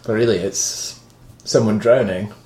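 A man's voice: lowish voice, steady tone, measured pace, darkish tone. A man co-hosting a casual film review podcast, teasing and joking, laughing often. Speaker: podcast co-host. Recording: roomy echo.

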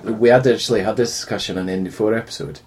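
A man's voice: fairly low pitch, fairly even intonation, rapid-fire, darkish tone, a little hiss or hum. A young man co-hosting a casual film podcast and reading cast notes with dry, teasing jokes. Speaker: podcast co-host.

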